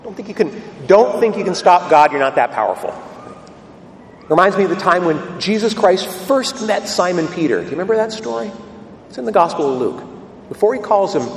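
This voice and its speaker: A man's voice: a little high, slight background noise. A male priest preaching a sermon in a church, emphatic and storytelling. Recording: echoey hall from a distance.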